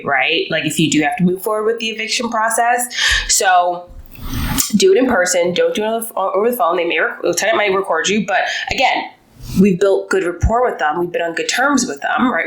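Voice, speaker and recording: A woman's voice: on the low side, a bit bright, rough recording. A young adult woman, a landlord and investor, giving casual advice with frequent fillers and restarts, acting out bits of dialogue. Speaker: real estate investor and landlord.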